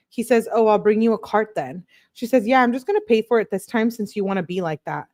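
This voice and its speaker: A woman's voice: medium pitch, fairly quick, hardly any pauses, dry recording. Woman host, casual commentary, sarcastic, reads texts aloud, dry close mic. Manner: chatty and sarcastic, laughing often, reading quotes in flat voice. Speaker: true crime channel host. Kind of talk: casual commentary reading text messages aloud.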